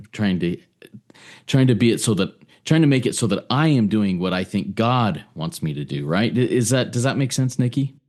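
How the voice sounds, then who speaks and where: A man with a very low voice co-hosts a podcast. He speaks in a reflective, casual way. He often stalls and repeats words while he works out his thoughts. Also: a little mellow. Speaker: podcast co-host. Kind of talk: casual recovery podcast talk.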